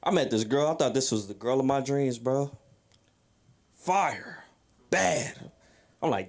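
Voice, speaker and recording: A man's voice: mid-range voice, animated, slow pace, long pauses. A drunk man doing a crude, rambling open mic stand-up set on a comedy club stage, roasting the crowd. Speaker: stand-up comic.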